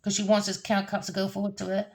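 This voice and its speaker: A woman's voice: medium pitch, monotone, very fast. A woman giving a heated, repetitive tarot reading rant, cursing and scolding. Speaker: tarot reader.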